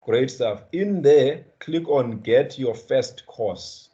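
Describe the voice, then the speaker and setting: Over dull lo-fi video call audio, a South African guest trainer from the Eastern Cape leads an online class. His mid-range voice is mellow and lively in intonation, his pace slow, and he checks in with students, frequently repeating words.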